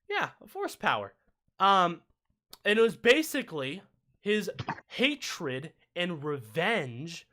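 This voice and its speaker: A man co-hosting a casual livestream discussion, talking in an animated, ranting way with quick asides. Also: fairly high pitch. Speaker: watch-party co-host.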